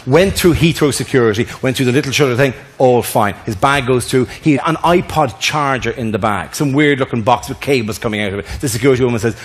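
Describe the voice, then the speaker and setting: An Irish man performing live stand-up comedy, telling stories fast and acting out voices on a theater stage. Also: mid-range voice. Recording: echoey theater with loud crowd laughter. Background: audience laughing.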